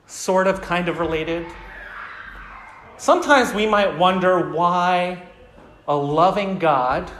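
A man preaching a sermon, telling a story casually and talking with the audience. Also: high-pitched. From United States. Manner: casual, lively storyteller who talks to the audience. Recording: echoey hall.

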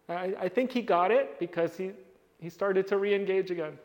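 A man giving a storytelling talk to a live audience, animated and acting out the people he describes. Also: high voice, moderate pace. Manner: animated, acts out the people in his stories. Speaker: speaker addressing an audience. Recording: long reverb of a hall.

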